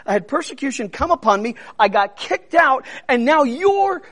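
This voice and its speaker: A preacher doing a fretful apostle, high and anxious. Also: male voice, very animated, normal speed, a bit bright, full character voice. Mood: worried. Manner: anxious, pleading, raised voice. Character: worried apostle writing to new converts, man.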